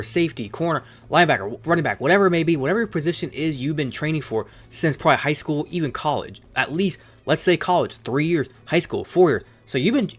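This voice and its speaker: A man hosting a casual sports opinion video, arguing heatedly with plenty of profanity and quick self-corrections. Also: fairly high pitch. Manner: rapid-fire, self-correcting delivery. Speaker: sports commentary host.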